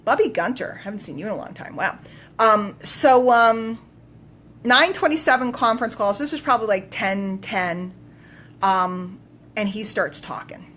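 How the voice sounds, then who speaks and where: A woman coach telling a story on a live stream, emphatic and animated, swinging between loud bursts and quiet asides. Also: medium pitch, unhurried, a little hiss or hum. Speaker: business coach.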